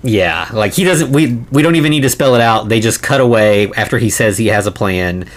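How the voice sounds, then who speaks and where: A man's voice: on the low side, a little fast. A man co-hosting a podcast, casually recapping a film's plot in a rambling way, with plenty of "like" and "you know". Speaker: podcast co-host. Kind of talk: casual film recap chat.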